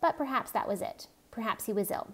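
A woman reading aloud voices a stern, coldly menacing middle-aged male commandant with a deep, measured, cutting manner. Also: expressive, husky.

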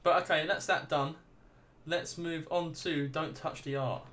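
A man's voice: on the high side, steady tone, a little slow, a bit bright, a little hiss or hum. Swearing, laughing gaming streamer man. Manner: profane, laughing reactions while chatting with viewers. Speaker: gaming livestreamer. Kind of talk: casual let's play commentary.

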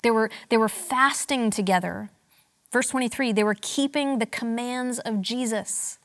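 A woman's voice: on the high side, normal speed. A woman in her thirties preaching a sermon in a church, conversational and wry, with frequent restarts. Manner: conversational, self-deprecating humor, frequent restarts. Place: church sanctuary.

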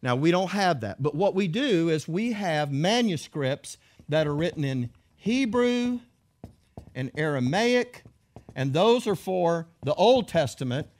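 A man preaching a sermon in an emphatic way, reading verses aloud and repeating key words with rhetorical questions. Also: high-pitched.

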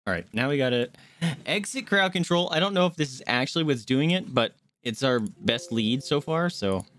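A woman's voice: a bass voice, expressive, moderate pace, dry recording. Chatty young woman streaming a game. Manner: chatty, laid-back, jokey. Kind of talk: casual gameplay commentary.

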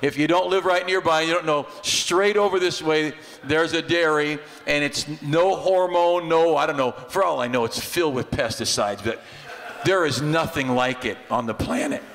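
A bright, fairly high-voiced American pastor who preaches in a folksy, joking, conversational way. His voice carries a long church reverb from the sanctuary. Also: normal speed. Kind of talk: sermon.

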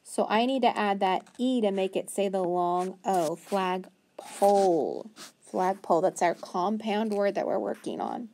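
Female teacher, mid pitch, patient phonics lesson, slow sounding-out, encouraging. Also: a little mellow, a little hiss or hum. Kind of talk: phonics lesson to young children.

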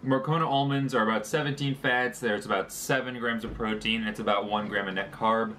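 A man's voice: on the low side, fairly even intonation, fairly quick, pushed and bright, slight background noise. A young man talking casually through a snack review, chatty and joking, with fillers as he lists details. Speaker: vlogger.

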